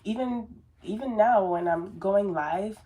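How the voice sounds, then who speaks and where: A woman's voice: mid-range voice, measured pace, dark tone. A woman giving an earnest, rambling motivational talk as a business coach, with many fillers and restarts. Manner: self-described very sensitive. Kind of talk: casual motivational talk to camera.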